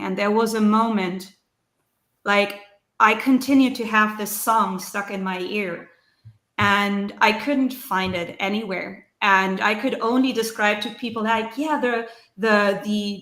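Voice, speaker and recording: A woman's voice: medium pitch, pushed and bright. A woman from Germany, telling a heartfelt personal story in conversation, earnest and searching, with frequent ums and restarts. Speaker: ceremony practitioner sharing experiences. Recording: roomy echo.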